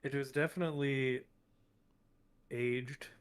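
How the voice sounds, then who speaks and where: A man playing a tabletop game, answering in a halting, unsure, deadpan way. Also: mid-range voice, clear, resonant tone. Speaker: player. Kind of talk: casual tabletop role-play.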